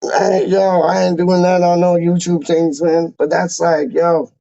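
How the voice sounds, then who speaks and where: High, slow-talking man, emotional. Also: level tone, gravelly, warm tone, dull audio. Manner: emotional, repetitive, slangy exclamations. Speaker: fan channel host. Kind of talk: casual fan chat.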